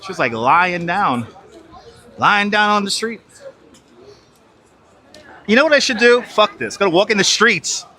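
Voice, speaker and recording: A high-pitched man, his voice very bright and cutting. He narrates a walk through crowded outdoor streets in a casual, swearing, exasperated running commentary, recorded on a wireless lapel mic. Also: expressive, measured pace, pauses often, some chatter behind. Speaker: live streamer walking the city. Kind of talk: casual live-stream commentary. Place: busy city streets outdoors.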